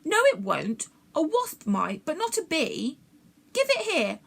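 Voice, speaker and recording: A woman voicing a brave young boy who speaks earnestly and sometimes shouts. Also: high-pitched, huge pitch swings, unhurried, gravelly, pitched above the performer's own voice, heavily acted. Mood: urgent. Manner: earnest, raises his voice to shout.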